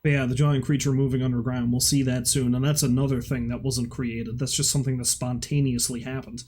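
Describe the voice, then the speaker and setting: A man's voice: mid-range voice, little pitch movement, fairly quick, a little mellow, husky. A young man streaming a horror game, chatting sarcastically and reading in-game notes aloud. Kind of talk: let's play commentary, reading in-game documents aloud.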